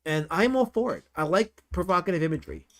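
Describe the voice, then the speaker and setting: A man's voice: high-pitched, sing-song, quick pace, a bit bright. A man hosting a casual livestream, rambling through comic commentary and reacting to chat with frequent exclamations and swearing. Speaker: livestream host.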